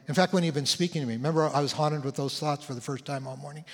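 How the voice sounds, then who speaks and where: A man in his sixties, a pastor, telling a personal story in a sermon, conversational and animated, acting out what people said. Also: a little high, rapid-fire. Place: church sanctuary. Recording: long church hall reverb.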